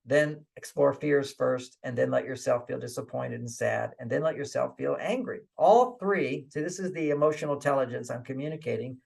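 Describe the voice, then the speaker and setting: A man with a gravelly, creaky voice talks through relationship advice as an interview guest. He chuckles often and comes back to his points with a repeated "okay". His pitch stays in an ordinary middle range for a man. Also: normal speed, hardly any pauses, darkish tone. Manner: acts out inner voices in quotes.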